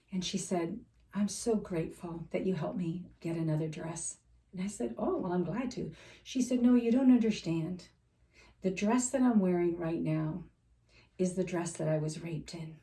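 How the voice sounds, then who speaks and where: A woman life coach shares personal faith stories in an earnest, heartfelt manner, sometimes holding back tears during this faith-based talk. Her medium-pitched, mellow voice sounds roomy and a bit off-mic, far from the microphone.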